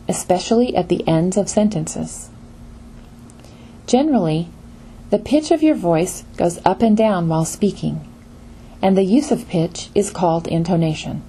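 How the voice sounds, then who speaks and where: A woman giving a scripted pronunciation lesson in an even lecture manner. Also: mid-range voice, slight background noise. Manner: slow, even lecture delivery. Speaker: pronunciation teacher. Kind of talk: scripted narration.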